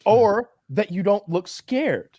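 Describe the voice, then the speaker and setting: A man's voice: sits high, big pitch swings, slow, a crowd in the background. A man hosting a podcast, telling long, rambling stories in casual chat and swearing freely. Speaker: podcast host.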